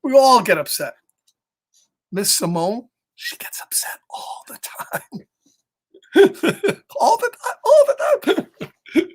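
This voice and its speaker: Reading a children's picture book aloud, an adult man with a child speaks in a high, fairly bright voice. He keeps breaking off for playful, chatty asides and laughs frequently.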